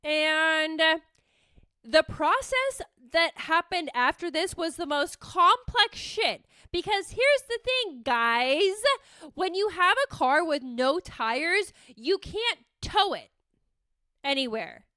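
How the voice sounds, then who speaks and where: A young woman from the Bay Area hosts a podcast, chatting in a high, bright voice at a slow pace. She retells her story in an animated, rambling way full of "like." The sound is close and dry with no room sound.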